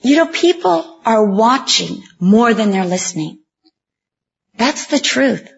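A high-pitched woman gives a funny sermon, telling animated stories against herself and slipping into the voices of the people in them. The recording sounds dull and lo-fi. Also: slow, gravelly. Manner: animated, self-mocking, acts out quoted voices. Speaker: women's ministry speaker. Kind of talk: humorous sermon storytelling.

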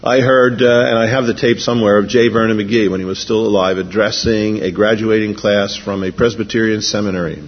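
Pastor preaching in an echoing hall. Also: male voice, fairly low pitch, a little fast, few pauses, slightly rough. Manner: animated preaching, raises voice when quoting. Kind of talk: sermon. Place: large church sanctuary. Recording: dull lo-fi recording in a large reverberant hall.

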